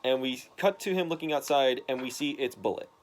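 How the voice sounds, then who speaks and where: Man, mid pitch, casual comic recap, rambling, fillers, swearing. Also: fairly quick, slight background noise. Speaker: comic book explainer.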